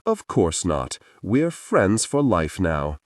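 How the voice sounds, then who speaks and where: A gushing, tipsy young man, voiced by a male audiobook narrator, all giddy feels and near tears. His low voice swoops all over as he drags the words out. Dry, close studio sound. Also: sing-song, slow, no room sound, distant mic, exaggerated voice. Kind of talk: audiobook character voice.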